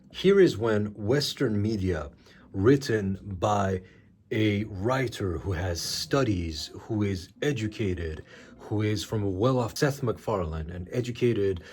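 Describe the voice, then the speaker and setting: A man's voice: lowish voice, darkish tone, husky. An Iranian man hosting his channel, giving sarcastic, impassioned commentary to camera. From Iran. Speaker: channel host.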